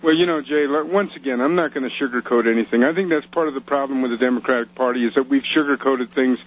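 Man on a tinny phone line. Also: medium pitch. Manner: measured, defensive, hedging. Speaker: regular on-air guest commentator. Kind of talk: radio debate over the phone.

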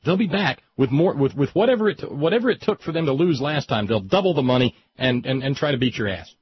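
Man, Southern American accent, sarcastic co-host, husky, muffled radio audio. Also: mid-range voice, quick pace, no echo. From West Virginia. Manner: joking, sarcastic, animated. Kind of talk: casual political chat.

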